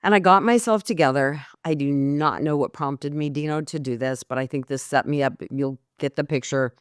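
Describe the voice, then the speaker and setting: A middle-aged woman tells her story as a podcast guest, candid and animated. Her voice is smooth and clear. The recording is dry and close, with no room sound. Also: sits low, moderate pace, dry recording. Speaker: guest, mortgage coach.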